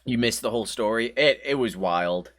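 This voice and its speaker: A young man from Ireland tells a story on a livestream in a casual, animated way, swearing, laughing and acting out the people in it. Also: medium pitch, normal speed, dry recording. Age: young adult. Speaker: streamer.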